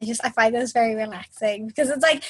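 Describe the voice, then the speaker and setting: A woman co-hosting a podcast in casual chat, animated and expressive. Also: on the high side, quick pace, breathy edge, no room sound. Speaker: podcast co-host.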